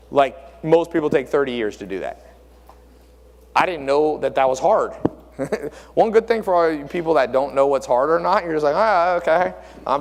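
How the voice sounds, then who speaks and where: A man in his thirties giving a live seminar talk, animated and asking the audience rhetorical questions. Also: on the high side. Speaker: speaker at a mentor conference. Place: conference room with audience. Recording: long reverb of a hall.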